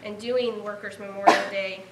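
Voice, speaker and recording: A woman's voice: medium pitch, fairly even intonation, moderate pace, reverberant, recorded from a distance, heavy background noise. A woman in her thirties from Nebraska giving a heartfelt award acceptance speech, earnest and grateful. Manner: heartfelt, earnest, speaking of a lost relative.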